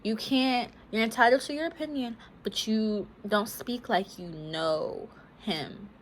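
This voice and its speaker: A young woman talking casually in a storytime vlog, animated and acting out what she and others said. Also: fairly high pitch, measured pace, a little hiss or hum. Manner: animated, quotes herself and others in conversation. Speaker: vlogger.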